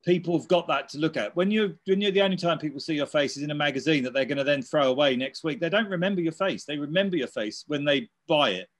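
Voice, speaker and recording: A man's voice: on the high side, fast, few pauses. A man in his fifties, interviewed as an electronic musician, talking in a rambling, casual way with lots of fillers and restarts. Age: 50s. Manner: rambling, many fillers and restarts, laughs while telling stories. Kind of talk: casual chat.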